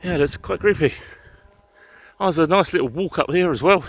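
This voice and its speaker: Walking through gardens for a vlog, an Englishman chats and rambles casually in a slightly high voice at normal speed, swearing now and then. Faint outdoor sounds and distant garden machinery sit in the background.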